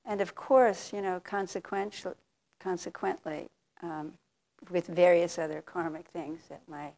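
An older woman giving a reflective talk as a meditation teacher, telling a personal story candidly and with soft laughs. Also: on the low side, vocal fry.

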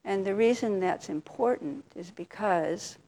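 An older woman giving a reflective talk as a meditation teacher, telling a personal story candidly and with soft laughs. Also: mid-range voice, unhurried.

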